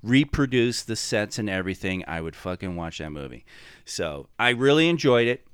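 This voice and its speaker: Male podcast host, casual rambling chat, smooth clear voice, dry close mic. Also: on the low side, big pitch swings, moderate pace, dry recording. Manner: rambling, profane, enthusiastic.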